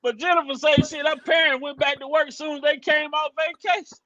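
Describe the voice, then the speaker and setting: A man hosting a casual opinion livestream, animated and profane, mocking people as he talks. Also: very high voice, a little fast, dry recording, dull audio. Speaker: livestream host. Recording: loud background noise.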